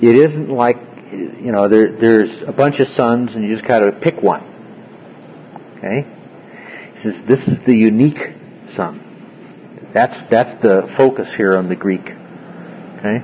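A man's voice: lowish voice, unhurried, long pauses, muffled recording, a little hiss or hum. A man leading a classroom Bible study, explaining word by word and often checking in with his class. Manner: explanatory, asks frequent check-in questions.

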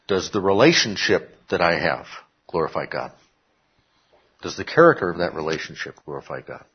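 A man's voice: deep voice, breathy edge, lo-fi sound. A man preaching a sermon in a conversational way, adding joking asides and often checking in with "okay?". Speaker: pastor.

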